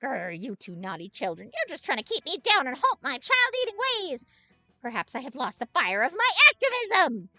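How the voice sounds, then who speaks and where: Cackling Baba Yaga. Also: female voice, sits high, wildly swooping pitch, normal speed, pushed and bright, no echo, faint music behind, pitched above the performer's own voice, heavily acted. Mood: indignant. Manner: grandiose, archaic, theatrical. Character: cackling old female child-eating witch.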